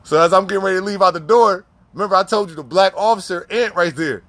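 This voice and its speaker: A man casually telling prison stories in heavy profane slang, animated, with frequent restarts and repeats. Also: sits high, fast talker. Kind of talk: casual storytelling.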